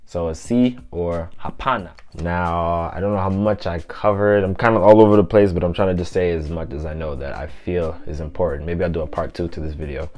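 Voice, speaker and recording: A man giving a casual vlog language lesson, repeating words slowly for pronunciation in a chatty, loose way. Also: sits low, a little mellow, faint music behind. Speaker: language teacher vlogger.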